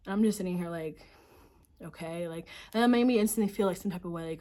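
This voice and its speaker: A young woman recounting a painful ordeal in an emotional storytime vlog. Her voice sits a little low for a woman, and she leans hard on filler words and the odd curse as she talks. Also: fast, dark tone. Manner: emotional, heavy use of filler "like", profane. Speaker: vlogger.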